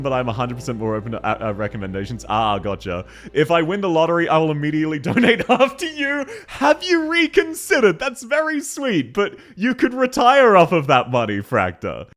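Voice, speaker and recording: A man's voice: medium pitch, a bit bright. A young man, streaming a game and chatting casually, joking, laughing often and reading chat aloud. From Australia. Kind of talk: casual live-stream chat while gaming.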